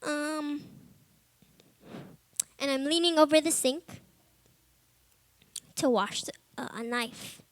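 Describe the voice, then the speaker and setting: A young woman, a Bible college student, giving a personal testimony to fellow students, informal and earnest with many "like"s and "um"s, growing quiet in heavy moments. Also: high-pitched, slow, pauses often, no echo. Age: young adult.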